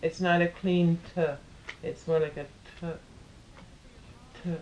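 A woman leading a guided mantra practice and explaining how to pronounce each syllable, patient and a little halting. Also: lowish voice, little pitch movement, dull audio, slight background noise. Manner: chants syllables softly, fading to near silence, then explains in a patient, halting way. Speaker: meditation and mantra teacher.

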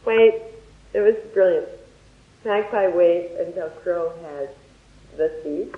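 A Dharma teacher giving a talk in a lively, anecdotal way and closing with a guided meditation. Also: medium pitch, slow, pauses often. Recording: echoey, dull lo-fi room recording.

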